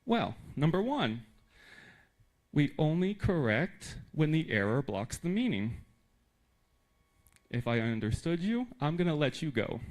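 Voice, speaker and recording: A man from the United States giving a conference talk to teachers in a lively, emphatic way with joking asides. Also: mid-range voice, poor audio. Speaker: teacher trainer.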